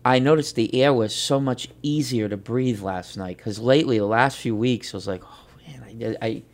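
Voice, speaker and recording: A man's voice: mid-range voice, normal speed. A man co-hosting a radio show, talking in a rambling, hesitant way with many fillers. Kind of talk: casual morning radio chat.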